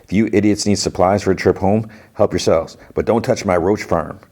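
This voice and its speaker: A man's voice: low-pitched, moderate pace, a little mellow. A man doing a blunt, folksy wasteland woman. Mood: dismissive.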